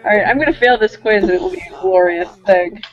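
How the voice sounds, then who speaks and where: A woman's voice: mid-range voice, fast. A woman co-hosting a podcast in casual chat, playful and self-mocking. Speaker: podcast co-host. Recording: slightly muffled recording, faint music.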